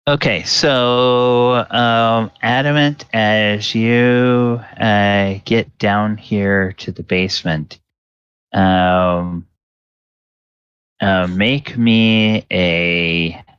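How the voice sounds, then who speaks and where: A deep-voiced man serves as game master, narrating in an unhurried, halting way full of ums and pauses. The sound is dry and a little dull, like a lo-fi home recording. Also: fairly even intonation, fairly bright tone, clear, resonant tone, dry recording.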